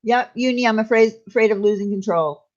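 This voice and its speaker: A woman's voice: fairly high pitch, fairly quick, darkish tone, lo-fi sound. A woman hosting a casual live chat with viewers, speaking candidly and confidingly and greeting them by name. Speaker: live stream host.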